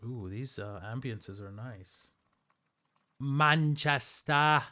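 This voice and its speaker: This male livestreamer has a clean, medium-pitched voice and speaks at a normal speed. He keeps things loose with viewers, replying out loud to what they send him.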